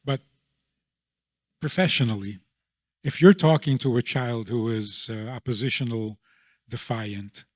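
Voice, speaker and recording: A man being interviewed as a rabbi, explaining his views in a deliberate way and often checking in with a rhetorical question. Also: medium pitch, dry recording, studio quality.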